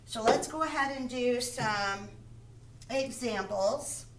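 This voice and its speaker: A woman walks first graders through a phonics lesson, going slowly and patiently over each step and checking in with the kids. Her voice sits a little high, and there's noise in the background.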